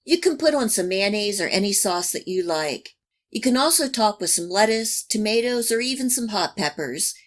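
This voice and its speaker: A woman hosting a cooking channel, giving calm, even, step-by-step recipe instructions in a scripted voice-over. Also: medium pitch, moderate pace.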